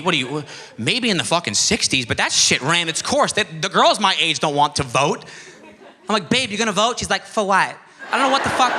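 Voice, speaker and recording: A man's voice: on the high side, sharp tone, in a large hall. A young man doing a stand-up routine, ranting and exasperated, mimicking voices in bits. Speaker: stand-up comedian. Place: comedy club stage. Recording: live club audience laughing, noisy room.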